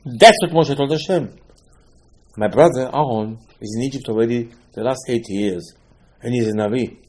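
A man giving a Torah sermon, telling stories and acting out the characters' dialogue. He swings between loud exclamations and hushed asides. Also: mid-range voice, moderate pace. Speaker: rabbi giving a Torah class. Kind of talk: animated Torah sermon with storytelling.

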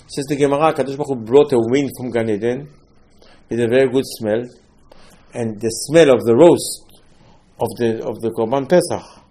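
A man teaching a Torah class in a lively storytelling sermon, mixing Hebrew terms into his English and swinging between loud bursts and quiet asides. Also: mid-range voice, brisk. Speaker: religious teacher.

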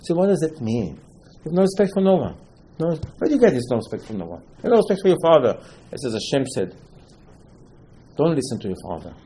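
Man giving an animated Torah sermon. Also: fairly high pitch, fast, a little hiss or hum, poor audio. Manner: animated storytelling, acting out the dialogue; non-native English, loose grammar, Hebrew terms. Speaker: religious teacher. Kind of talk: sermon-style Torah lesson.

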